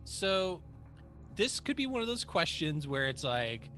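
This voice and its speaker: Bright, lively male podcast co-host. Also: fairly high pitch, measured pace, soft background music. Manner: animated, laughing, thinks out loud. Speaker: podcast co-host, quiz contestant. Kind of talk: casual podcast chat.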